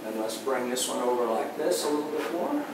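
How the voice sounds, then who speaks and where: Man musing softly while painting, echoey. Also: medium pitch, very animated, fairly quick. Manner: soft-spoken, musing to himself while he paints. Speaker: painting instructor. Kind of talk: relaxed painting commentary. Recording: very echoey room, voice far from the mic, clear background noise.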